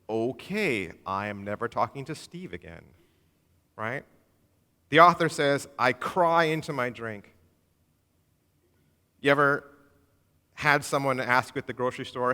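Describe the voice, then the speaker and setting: A man preaching to his congregation, relaxed and joking, slipping into quick acted-out exchanges. His voice is bright and forceful at a middling pitch. The church hall around him rings with a long reverb. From moved to Texas from elsewhere. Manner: humorous, conversational preaching with acted-out asides. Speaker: pastor. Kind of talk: sermon. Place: church sanctuary.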